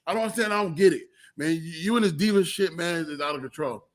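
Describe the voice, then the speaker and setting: A man hosting a casual sports talk show, animated and exasperated, laughing often. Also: a little high, quick pace. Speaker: podcast host.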